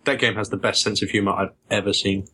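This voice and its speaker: A man's voice: fairly low pitch, fairly even intonation, fast, sharp tone, slightly rough. A man co-hosting a casual podcast who gushes with enthusiasm. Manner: enthusiastic and gushing. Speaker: podcast co-host.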